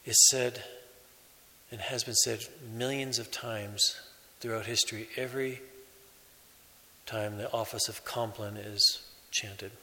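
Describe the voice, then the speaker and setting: A priest delivers a sermon in a slow, measured way, pausing between phrases. His voice is slightly low yet bright and forceful. A long church reverb trails behind every word. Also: steady tone. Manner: slow, measured preaching with pauses.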